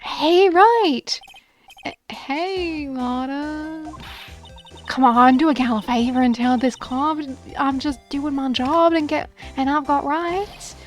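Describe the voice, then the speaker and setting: Brash young female reporter, put on by a woman streamer, loud and pushy; faint music under. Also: sits high, takes it slowly, pitched above the performer's own voice. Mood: wheedling. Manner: bold, pushy, declaring.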